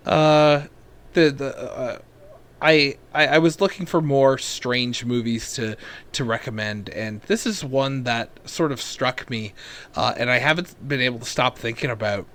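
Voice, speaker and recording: Halting male podcast co-host. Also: mid-range voice, fairly bright tone. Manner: halting, with frequent restarts and repeated words. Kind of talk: casual chat.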